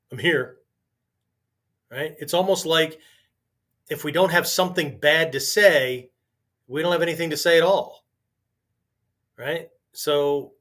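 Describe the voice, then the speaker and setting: A man's voice: a little high, a bit bright. A man hosting a podcast, talking through ideas in a loose, conversational monologue and tagging nearly every thought with "right?". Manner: conversational, constantly asks "right?", restarts sentences. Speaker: podcast host and martial arts teacher.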